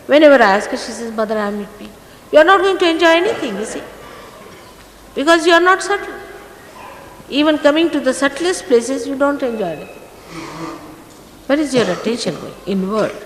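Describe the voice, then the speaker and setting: Woman spiritual teacher, lively stern delivery, archive hall recording with long reverb. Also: sits high, fairly quick, pauses often. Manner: stern and admonishing, emphatic. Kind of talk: scolding spiritual talk to followers. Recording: echoey archive recording from a hall, faint noise.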